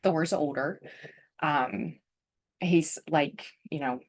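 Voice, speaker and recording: A woman's voice: low-pitched, very slow. A woman host telling a personal story in a casual, chatty way, full of "like" and "um", and openly emotional. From United States. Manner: chatty, lots of fillers like "like" and "um", emotional.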